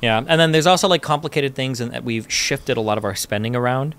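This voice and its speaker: Brief: rapid-fire male host, mid-pitched, hedging explainer. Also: fairly bright tone. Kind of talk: casual chat.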